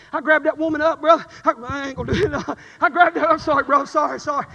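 A middle-aged man preaching a sermon, swinging from quiet testimony to shouted fervor. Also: very high-pitched, steady tone, quick pace, creaky, long reverb tail.

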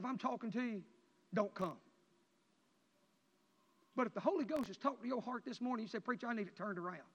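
A man preaching an emotional sermon, swinging from near-shouts down to quiet, low passages. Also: expressive, fast talker, long pauses. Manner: impassioned, rising to near-shouts then dropping low. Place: church sanctuary. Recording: dull sound with long church reverb.

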